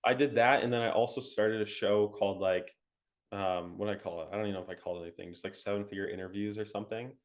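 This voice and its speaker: A young man telling his story as an interview guest, animated and laughing, full of "like" and "um". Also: fairly low pitch, fast. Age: young adult. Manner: animated, laughing, frequent fillers like "like" and "um".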